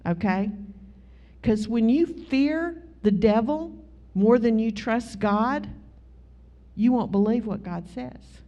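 Warm-voiced woman teaching Bible study. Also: mid-range voice, unhurried. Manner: chatty storyteller who acts out both sides of dialogues. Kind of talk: informal Bible teaching with personal stories. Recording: dull lo-fi recording.

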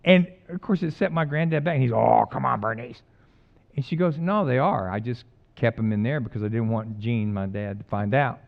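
Casting: middle-aged man, pastor, folksy storyteller, mid-pitched voice, slightly muffled recording. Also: brisk, few pauses. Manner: folksy, jokey, swings between loud emphatic preaching and quiet asides. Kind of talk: conversational sermon with stories.

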